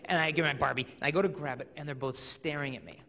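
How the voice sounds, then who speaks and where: A young man with a somewhat high voice holds the stage as a youth speaker, telling playful stories and slipping into characters. His talk rings with the long reverb of a large hall full of listeners. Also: steady tone, quick pace, vocal fry, pushed and bright, slight background noise. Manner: playful storyteller who acts out characters. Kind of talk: comedic stage talk to a live audience.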